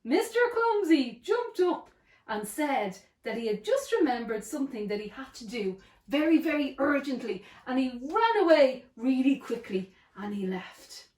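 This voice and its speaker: A woman reading a children's storybook aloud in an expressive, sing-song way. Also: sits high, normal speed. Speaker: storybook narrator. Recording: roomy echo.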